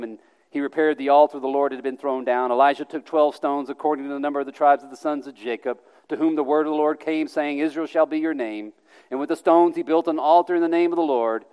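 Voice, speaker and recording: A man's voice: mid-range voice, darkish tone, clean tone. Resonant man reading scripture in a hall. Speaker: scripture reader. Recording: long reverb of a large hall.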